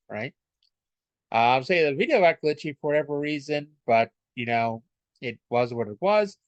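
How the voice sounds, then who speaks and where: A man's voice: mid-range voice, dry recording, highs cut off. A man hosting a podcast, recapping episodes casually with lots of fillers and asides. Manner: rambling, with many fillers. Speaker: podcast host.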